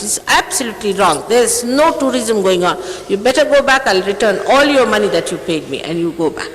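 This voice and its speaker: A woman's voice: mid-range voice, a bit bright, slight background noise. A woman in her sixties, a spiritual teacher, sternly scolding her followers with emphatic rhetorical questions. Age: 60s. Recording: echoey hall with long reverb, faint ambience, 1980s archive tape.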